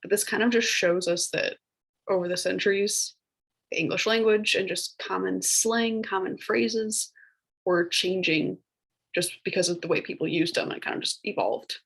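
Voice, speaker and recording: A woman's voice: medium pitch, moderate pace, vocal fry, breathy edge, poor audio. A young woman teacher, talking through a recorded lesson in a casual, chatty way with many filler words and playful put-on voices for old phrases. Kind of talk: recorded classroom lecture.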